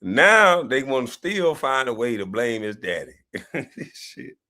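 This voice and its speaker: Guy hosting a livestream, loose joking banter, pitch all over the place. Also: a little slow. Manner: loose, animated, profane banter. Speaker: livestream host. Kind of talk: casual livestream chat.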